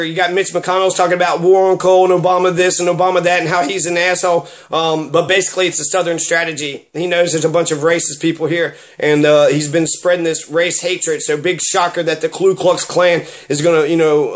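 A man, commenting on politics in a casual, profane and indignant rant full of filler words. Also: high-pitched.

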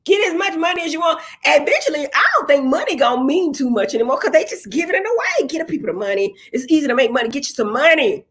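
A woman's voice: high-pitched, very animated, fast, hardly any pauses, a bit bright. A middle-aged woman talking in a blunt, casual, rambling way, swearing freely as she chats straight to her viewers. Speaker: dentist and reality TV personality. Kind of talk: casual opinionated livestream chat.

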